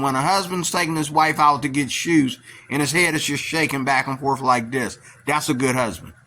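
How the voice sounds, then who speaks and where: Male commentator, bright and sharp-edged voice, blunt rambling opinions. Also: a little high. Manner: blunt, opinionated, keeps asking "okay?". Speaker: video commentator.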